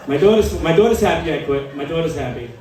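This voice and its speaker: A man's voice: fairly high pitch, fast, recorded from a distance. Stand-up man in an echoey club. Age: 40s. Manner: deadpan storytelling, acting out quoted people. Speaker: stand-up comedian. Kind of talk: stand-up comedy set. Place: small comedy club.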